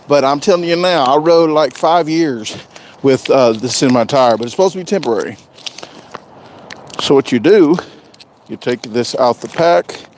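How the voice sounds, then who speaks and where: A man's voice: mid-range voice, a little mellow, slight background noise. Rambling man streaming live. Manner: rambling, repeats himself, jokey. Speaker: vlogger doing a live stream. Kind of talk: casual live stream chat.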